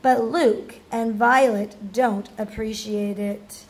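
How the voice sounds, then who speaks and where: A woman reading a children's book aloud, with expressive, animated delivery. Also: a little high, takes it slowly. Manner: expressive, animated character voices. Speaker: storybook read-aloud narrator.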